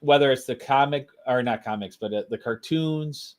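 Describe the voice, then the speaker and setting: A man's voice: medium pitch, normal speed. A man co-hosting a podcast, talking casually in an easygoing, agreeable way. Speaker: podcast co-host. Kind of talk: casual chat.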